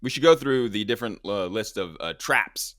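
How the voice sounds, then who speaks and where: A man's voice: on the low side, lively intonation, moderate pace, fairly bright tone, dry recording, clean studio sound. A man hosting a casual movie review chat, rambling and correcting himself with lots of fillers.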